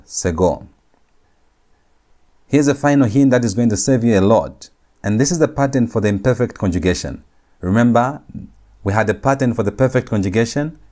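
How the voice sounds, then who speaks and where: A man with a fairly low voice teaches a recorded grammar lecture. He drills every point, saying each rule and each form twice so students can follow. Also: darkish tone. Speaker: Hebrew teacher.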